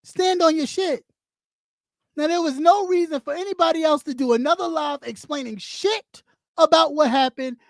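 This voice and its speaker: Blunt, high-voiced woman ranting. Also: normal speed, dry recording, clean studio sound. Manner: blunt, profane, scolding; repeats lines for emphasis. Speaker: live stream host. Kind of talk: ranting live stream commentary.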